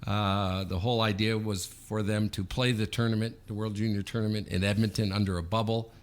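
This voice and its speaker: A man in his fifties from Canada, co-hosting a podcast and telling an anecdote in a lively way, often checking in with "okay?". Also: fairly low pitch, brisk. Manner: animated anecdote teller, frequent "okay?" check-ins. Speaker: podcast co-host. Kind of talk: casual storytelling.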